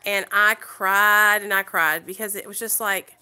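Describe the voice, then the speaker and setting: Bright, chatty woman streaming live. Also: medium pitch, measured pace, clear, resonant tone. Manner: chatty, animated, talks to chat viewers. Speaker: livestream host. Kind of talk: casual livestream storytelling.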